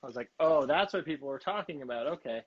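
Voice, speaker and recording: A man's voice: fairly high pitch, expressive, fast talker, husky. A Canadian man hosting a casual video-call chat while cooking, chatty and self-mocking, laughing often. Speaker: host. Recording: dull lo-fi video call audio with faint hiss.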